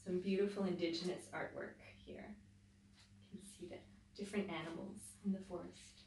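A woman teacher reading a picture book aloud to children, pausing to explain things as she goes. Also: fairly low pitch, a little hiss or hum. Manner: slow, expressive storytelling with explanatory asides. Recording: roomy echo, voice from a distance.

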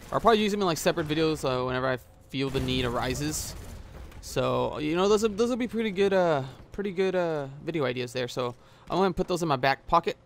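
A man's voice: on the high side, animated, quick pace, a little hiss or hum. Man, casual gameplay commentary, rambling, lots of uhs, headset mic, faint gunfire behind. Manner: rambling, many filler uhs, swearing at the game. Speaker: gaming YouTuber. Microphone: gaming headset.

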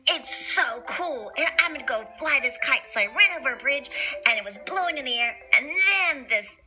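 A woman reading a children's story aloud in a playful, animated way, with sound effects. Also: sits high, rough recording.

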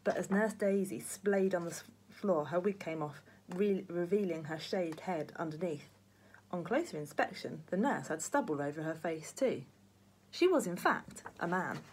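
A woman, a primary teacher, reading a children's book aloud with lively, expressive storytelling. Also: fairly low pitch, moderate pace, slight background noise.

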